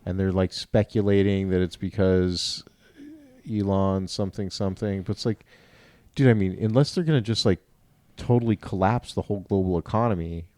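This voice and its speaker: A man's voice: deep voice, normal speed, dark tone, dry recording. A man co-hosting a podcast in laid-back casual chat, often agreeing along. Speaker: podcast co-host.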